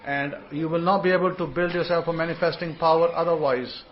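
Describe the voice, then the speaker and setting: Rambling male host teaching scripture in an online room; slightly high voice, muffled lo-fi audio. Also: steady tone, background noise. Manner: rambling, repeats words, sounds out syllables slowly.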